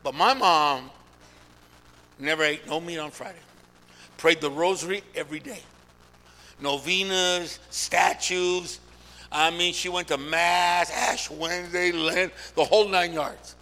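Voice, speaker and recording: A high, gravelly male pastor preaching to a congregation, his bright voice ringing through a big hall with long reverb. He calls out to the crowd and swings from shouts to near whispers. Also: measured pace. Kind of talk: sermon. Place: large church hall.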